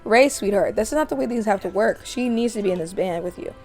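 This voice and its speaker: Woman doing a gruff older label boss. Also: medium pitch, animated, brisk, darkish tone, soft background music, lightly acted. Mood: stern. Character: older male record label boss, stern fatherly.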